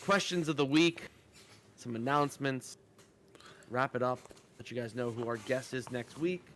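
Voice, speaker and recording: A man's voice: mid-range voice, moderate pace, fairly bright tone, slight background noise. A man co-hosting a podcast, upbeat as he runs through the show's rundown. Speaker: podcast co-host.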